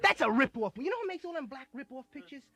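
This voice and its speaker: High-voiced, rambling young stand-up comic. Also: male voice, lively intonation, fast, sharp tone. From United States. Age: 20s. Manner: loose, rambling hipster slang, laughing as he talks. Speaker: stand-up comedian. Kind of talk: live stand-up comedy.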